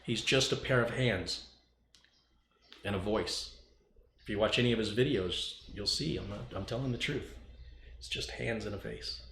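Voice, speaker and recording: A man's voice: on the low side, normal speed, gravelly, pauses often, fairly bright tone. A man hosting a casual livestream, reading viewer chat and joking with the people in it. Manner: joking, teasing, chatty. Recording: echoey room, faint noise.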